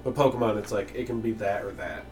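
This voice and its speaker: A man's voice: on the low side, fast, a little mellow, recorded from a distance, soft background music. A man co-hosting a casual gaming podcast, rambling and goofy, often stumbling over his words. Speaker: podcast co-host.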